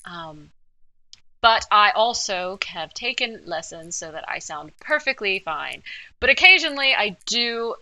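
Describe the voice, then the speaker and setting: A woman's voice: medium pitch, animated, a little slow, bright, forceful tone, rough recording. A woman from Memphis, Tennessee, with a neutral newsreader American accent, a podcast co-host chatting animatedly and dropping into playful accent impressions. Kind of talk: casual chat.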